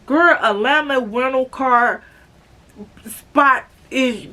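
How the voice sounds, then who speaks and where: A woman with a bright, forceful voice that sits a little high, telling a storytime for her vlog. She talks in a chatty, animated way, swears freely and keeps calling her viewers "girl.". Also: slow pace. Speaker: vlogger. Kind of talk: casual storytime monologue.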